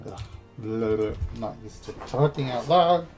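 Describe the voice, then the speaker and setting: A man's voice: mid-range voice, lively intonation, measured pace, darkish tone, faint music behind. A man streaming a video game, making casual, self-deprecating comments and laughing at himself. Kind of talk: casual commentary while reading game dialogue.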